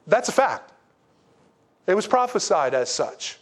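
A man preaching a sermon as pastor, lively and joking, with sudden drops into low, quiet emphasis. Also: unhurried, pauses often, breathy edge.

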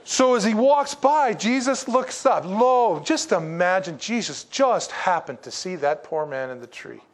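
Pastor, male, high-pitched, jokes through a sermon and drops to low, quiet emphasis for weight. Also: lively intonation, a little slow.

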